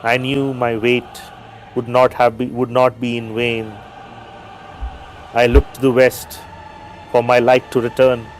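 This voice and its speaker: A man's voice: medium pitch, level tone, a little slow, long pauses, faint music behind, close to an everyday voice, poor audio. A man playing a weary, earnest warrior brother. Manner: earnest, solemn. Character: weary male warrior, long-waiting older brother.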